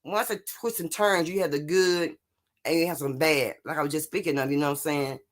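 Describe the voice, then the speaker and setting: Streamer rambling on about life, keeps saying you know what im saying, middle pitch voice. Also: steady tone, fairly quick. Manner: answers viewer comments while talking. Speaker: live stream host. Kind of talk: casual motivational talk on a live stream. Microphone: streaming setup.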